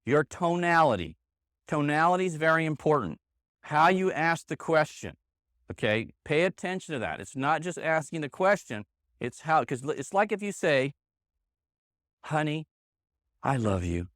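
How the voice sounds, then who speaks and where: A man's voice: a little high, animated, moderate pace, a bit bright, no echo, clean studio sound. Emphatic man leading a sales seminar. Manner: emphatic, punchy, repeats key points. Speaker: sales trainer. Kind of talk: live training seminar. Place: meeting room with an audience. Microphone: handheld microphone.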